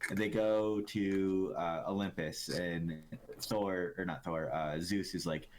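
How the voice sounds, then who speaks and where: Deep-voiced man rambling casually. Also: fairly even intonation, takes it slowly, slight background noise. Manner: rambling, lots of fillers and restarts. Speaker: podcast co-host. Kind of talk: casual chat.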